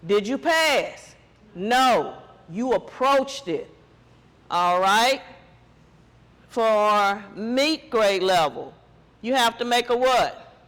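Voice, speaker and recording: A man's voice: high-pitched, animated, very slow, long pauses, fairly bright tone, long reverb tail. A man teacher giving a test-prep lesson, quizzing students with call-and-response questions.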